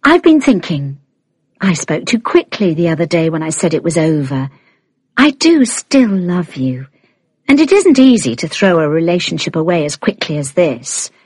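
A woman's voice: fairly low pitch, big pitch swings, normal speed, a little mellow, husky, no echo. A woman reading an audiobook, playing an affectionate young woman in a raised, earnest, pleading voice.

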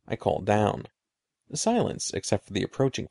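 Speaking at a normal speed, this male audiobook narrator gives a spooky kids' tale a suspenseful, expressive reading. There's a gravelly edge to his mellow tone, with pitch moving loosely from phrase to phrase, captured in clean studio sound with no room ambience.

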